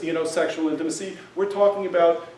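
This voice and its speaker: A class teacher gives a casual lecture in a synagogue hall, talking conversationally and frequently checking in with his listeners. His voice is fairly high, steady in tone, fast and a little mellow, with a slight hiss or hum. The room is echoey and the mic is far off.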